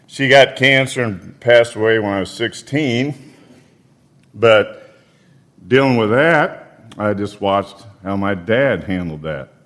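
A man in his fifties preaching a sermon, telling folksy personal stories in an unhurried way and reading scripture. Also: on the low side, a bit bright. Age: 50s.

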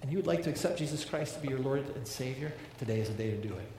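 A male pastor preaching a sermon in an earnest way, often repeating words and restarting his sentences. His voice sits at a middle pitch. It rings out through a big hall with a long, heavy echo and faint room ambience behind it. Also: expressive, very fast, mellow, a little hiss or hum. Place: large church hall. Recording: echoey hall with long reverb.

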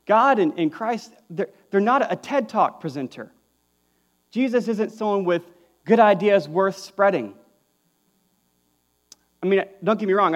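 A young man, preaching a conversational sermon as a pastor, full of fillers and restarts. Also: high voice.

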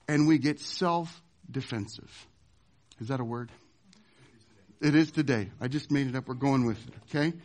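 A male pastor delivering a sermon. His voice sits high, and he preaches emphatically, pushing some points hard and dropping others to a hush. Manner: emphatic preaching, wide swings from loud to hushed.

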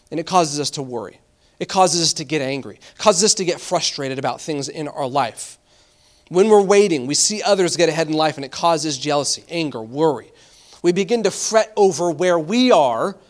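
A man with a high-pitched voice delivers a sermon. His preaching is animated and conversational, with frequent repeated words. He slows down deliberately when reading scripture aloud. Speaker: pastor.

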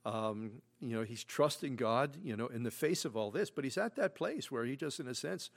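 Brief: middle-aged man, pastor, casual chatty sermon, mid-range voice, hushed then suddenly loud. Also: medium pitch, lively intonation, moderate pace, gravelly, hardly any pauses. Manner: conversational, repeats himself, frequent "you know"; swings from hushed to loud emphatic bursts. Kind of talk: expository sermon.

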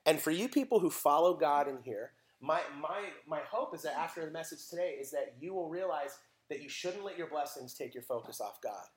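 A man, preaching a sermon and telling animated stories with acted voices. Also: fairly high pitch, brisk, few pauses. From United States. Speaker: pastor.

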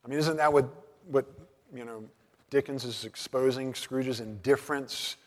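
A man giving a conversational sermon, often restarting his words and dropping low and soft to stress a point. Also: moderate pace, big-room sound. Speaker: pastor.

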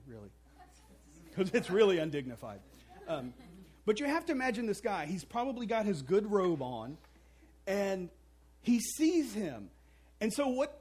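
A man's voice: sits high, a little mellow, breathy edge. A man preaching a sermon, telling a story with playful asides and acting out the characters' voices. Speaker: pastor.

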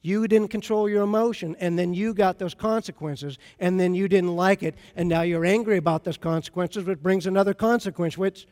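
A man's voice: high voice, steady tone, brisk, hardly any pauses, darkish tone. A man preaching a sermon as pastor, talking to the congregation in a conversational, storytelling way. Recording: long reverb of a large hall.

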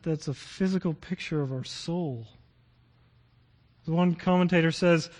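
Middle-aged male pastor, fairly high voice, earnest sermon delivery that swells into fervent scripture reading.

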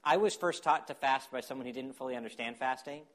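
A man preaching a sermon as pastor, animated, acting out quotes and dropping to quiet asides. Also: medium pitch, fast talker.

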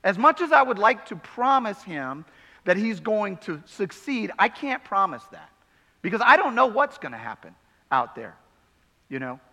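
Male pastor, thirties, high bright voice, preaching with hushed and emphatic swings, in a reverberant hall. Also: very animated, normal speed. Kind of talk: sermon.

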